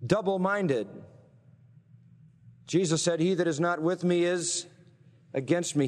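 A man preaching a sermon, reading scripture aloud and pausing to quiz his listeners with rhetorical questions. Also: fairly high pitch, big-room sound. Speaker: pastor.

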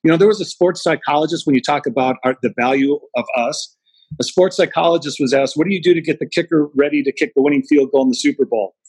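Man, middle-aged, slightly high voice, husky, animated storyteller. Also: quick pace, no echo, poor audio. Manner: animated anecdotes with acted-out quotes. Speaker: guest speaker. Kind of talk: storytelling in an interview.

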